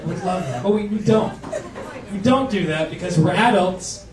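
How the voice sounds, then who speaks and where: A man performing a stand-up comedy set on a club stage, telling stories with animated acted-out voices over audience laughter. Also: high voice, normal speed, noisy background. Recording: roomy live club sound from a distance.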